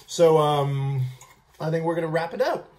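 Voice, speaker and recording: A food vlog host giving a casual, gushing candy tasting review, with halting "um"s between lines. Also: medium pitch, darkish tone. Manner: gushing, repeats "I love", halting fillers.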